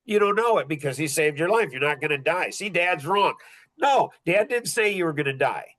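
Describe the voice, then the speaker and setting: A man's voice: on the high side, animated, normal speed, fairly bright tone. A middle-aged man hosting a podcast in casual talk, blunt and rambling, often repeating himself. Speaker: podcast host.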